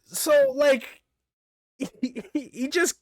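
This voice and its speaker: A man's voice: very high-pitched, drawn-out words, dry recording, clean studio sound. Giggly rambling man recapping manga. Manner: rambling, giggly, stumbles over names. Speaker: manga reviewer. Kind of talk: casual solo manga recap.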